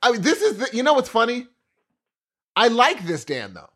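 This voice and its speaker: A man's voice: very high voice, normal speed. A man co-hosting a podcast, retelling stories animatedly and acting out exchanges in voices. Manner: animated storyteller, acts out texts in voices. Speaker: podcast co-host. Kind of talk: casual podcast banter.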